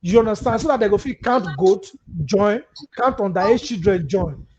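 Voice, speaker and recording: Nigerian Pidgin-accented male host, high voice, mocking asides on a dull, slightly hissy line. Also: normal speed, darkish tone. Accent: Nigerian Pidgin English. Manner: mixes Pidgin and English, reads viewer comments aloud, mocking asides. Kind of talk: live call-in political talk show. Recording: muffled lo-fi audio with faint hiss.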